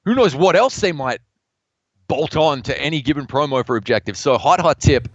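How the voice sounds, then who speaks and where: Australian man, podcast co-host, excitable, repeats himself, fairly high, bouncy voice, dry, slightly dull audio. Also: normal speed, no echo. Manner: excitable, repeats words, animated. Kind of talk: casual gaming podcast chat.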